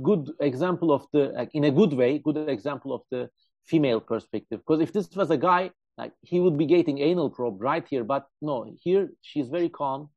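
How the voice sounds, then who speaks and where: Animated podcast man, dull dry sound. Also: a little high, dry recording. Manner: animated storyteller, jokey asides, many fillers. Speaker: podcast co-host. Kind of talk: casual chat.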